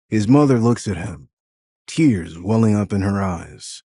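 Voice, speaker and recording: A man narrating an audio drama in a measured, expressive storytelling manner. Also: lowish voice, husky, dry recording.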